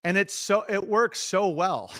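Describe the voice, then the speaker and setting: A middle-aged man talking loosely on a livestream, giving relationship advice in an animated, profane, self-interrupting ramble. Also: sits high, a little slow, no room sound, studio quality. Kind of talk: casual rambling monologue.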